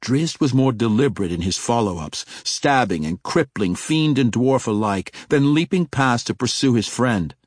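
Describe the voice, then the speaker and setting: Low-voiced guy narrating a fantasy audiobook, measured and steady, bit breathy, dry booth sound. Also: dry recording.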